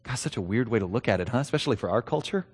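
A man's voice: medium pitch, lively intonation, very fast, a little mellow, slightly rough, long reverb tail. A middle-aged man preaching a sermon, telling a story in a loose, conversational way and then building to emphatic preaching. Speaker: pastor.

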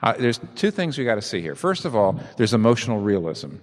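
A man preaching a sermon as pastor, swinging from soft asides to loud, emphatic peaks. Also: medium pitch, big pitch swings, brisk, long reverb tail.

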